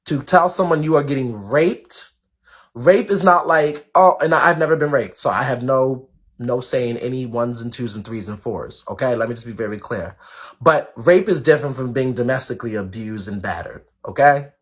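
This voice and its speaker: Husky guy on a live stream, blunt, swears a lot, keeps repeating himself to the chat. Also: medium pitch, normal speed. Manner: blunt and outspoken, swears freely; talks straight to his viewers, repeating himself for emphasis. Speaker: live-stream show host. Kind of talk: casual live-stream commentary.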